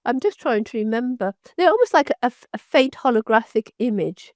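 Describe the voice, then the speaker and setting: An older British physician telling stories in an interview, rambling and halting with frequent restarts. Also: female voice, fairly high pitch, animated, no echo, studio quality. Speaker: physician guest. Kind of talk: storytelling interview.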